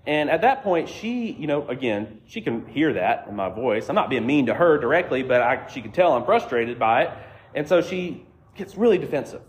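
A man's voice: medium pitch, very animated, normal speed. A man preaching a sermon as a conversational, self-deprecating story. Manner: conversational, self-deprecating, acts out quoted voices. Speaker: pastor.

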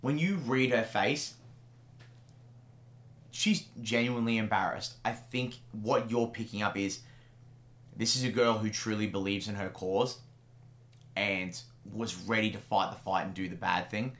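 A man's voice: on the low side, fairly bright tone. A man narrating as game master of a tabletop game in a casual, filler-heavy way, in a roomy-sounding recording. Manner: casual, fast, lots of fillers. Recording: roomy echo.

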